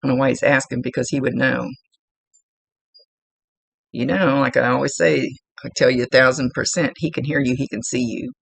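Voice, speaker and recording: A woman's voice: very deep voice, fairly even intonation, fairly quick, gravelly, pauses often, husky, dry recording. A woman working as a psychic medium, chattily relaying spirit messages in a casual reading and laughing now and then.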